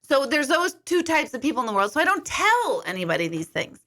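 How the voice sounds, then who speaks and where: Middle-aged woman hosting a casual livestream; bright, lively, chatty, a bit profane. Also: high-pitched, fairly quick. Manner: chatty, animated, swears casually. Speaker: livestream host, medium. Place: home kitchen.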